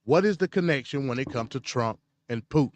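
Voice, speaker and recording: A man's voice: mid-range voice, lively intonation, brisk, slight background noise. A man hosting a casual political commentary show, blunt and opinionated. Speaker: host.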